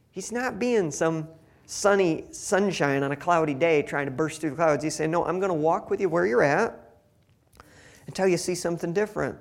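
A man reading a Bible passage aloud and explaining it in a casual, conversational way, acting out the quoted lines in different voices. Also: high voice. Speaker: Bible teacher. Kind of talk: scripture reading with casual commentary.

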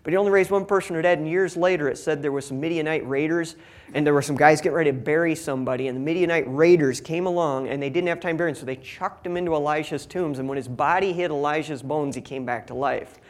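A man's voice: on the high side, fast. Man, Bible teacher, reads scripture then chats about it, voices the quotes. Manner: conversational, acts out quoted lines in voices. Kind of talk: scripture reading with casual commentary.

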